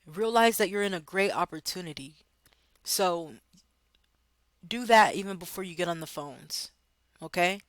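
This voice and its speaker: A woman's voice: fairly low pitch, normal speed, long pauses, no echo. A woman coaching new sales agents in an upbeat, coaxing way, often checking in with "okay?" and "right?". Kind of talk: motivational coaching talk to camera.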